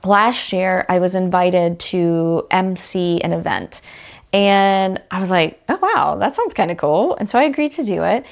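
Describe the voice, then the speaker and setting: A woman's voice: lowish voice, lively intonation, unhurried, creaky. A woman hosting a solo podcast in a casual, chatty way, full of "like" fillers and questions put straight to the listener. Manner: talks directly to the listener with questions. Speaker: podcast host.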